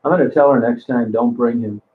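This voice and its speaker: A man's voice: mid-range voice, brisk. Man, livestream host, blunt and crude, rambling; tinny phone-like audio. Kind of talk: casual live chat reading comments.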